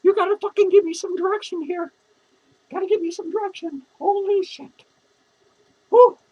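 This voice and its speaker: A woman's voice: very high voice, steady tone, moderate pace, warm tone, highs cut off. A woman playing a drunk, lonely, foul-mouthed female clown who rambles and swears in a rambling character vlog. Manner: rambling, profane, giggly.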